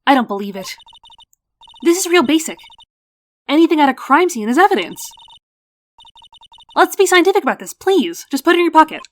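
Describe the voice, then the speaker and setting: A woman voicing an eager, excitable young girl who loves science. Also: high voice, fairly quick, pauses often, voice pushed up. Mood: excited. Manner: excitable, bossy.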